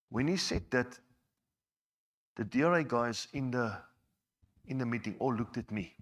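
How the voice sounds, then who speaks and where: Speaking to a congregation, a man gives his personal testimony in a medium-pitched, slightly bright voice. He keeps it conversational, often repeating words.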